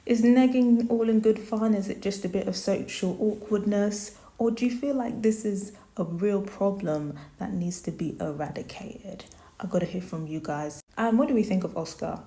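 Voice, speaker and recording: Sassy woman with a mellow voice. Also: mid-range voice, moderate pace, low-quality recording. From London, England. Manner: sassy, blunt and opinionated. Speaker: YouTuber. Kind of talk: reality TV commentary.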